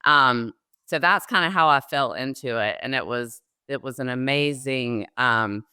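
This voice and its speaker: A woman's voice: very deep voice, unhurried, sharp tone, smooth, dry recording, clean studio sound. A middle-aged woman with a Southern American accent, telling her career story as an interview guest with plenty of ums. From Southern United States. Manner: chatty storyteller, frequent ums, laughs easily. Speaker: guest, loan officer. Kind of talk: conversational interview.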